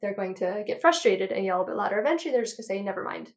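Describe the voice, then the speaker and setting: A woman in her thirties, an audiologist, talking passionately and quickly in an interview, a bit out of breath. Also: medium pitch, animated. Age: 30s. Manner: passionate, rapid lecturing. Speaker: audiologist guest. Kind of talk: enthusiastic interview talk.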